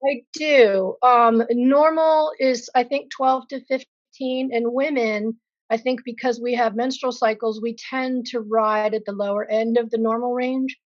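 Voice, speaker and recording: A woman with a somewhat high voice recounts her experience as a patient in a candid interview, frank and vivid, with wry self-deprecating asides. The sound is dry and a little dull, like a lo-fi recording. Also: fairly even intonation, measured pace, dry recording. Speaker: patient sharing her story.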